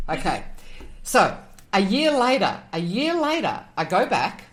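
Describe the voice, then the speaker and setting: Woman telling an animated story. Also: fairly low pitch, moderate pace. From Australia. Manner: animated storyteller acting out quoted voices; emotional, moved near tears. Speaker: guest, animal communicator. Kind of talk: storytelling in a podcast interview.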